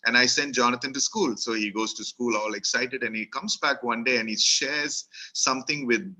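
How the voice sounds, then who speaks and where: The audio is poor, but this middle-aged Keralite's medium-pitched voice comes through bright and forceful in Indian English. As a motivational speaker, he tells self-deprecating, funny stories thick with filler words.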